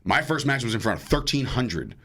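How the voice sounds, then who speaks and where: Animated jersey guy telling wrestling stories, bright voice, swears a lot. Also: mid-range voice, brisk. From New Jersey. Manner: animated storyteller acting out quotes, swears freely. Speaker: podcast guest, wrestling commentator. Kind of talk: casual storytelling chat.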